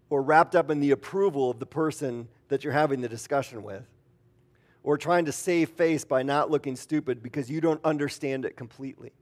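A man preaching in a relaxed, conversational way, with many fillers and acted-out quotes. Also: medium pitch. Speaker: pastor. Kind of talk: sermon.

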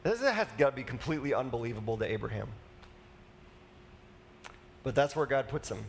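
A man's voice: mid-range voice, big pitch swings, fairly quick, creaky, a little hiss or hum. A man preaching a conversational sermon as a pastor, casual and chatty, with asides and fillers.

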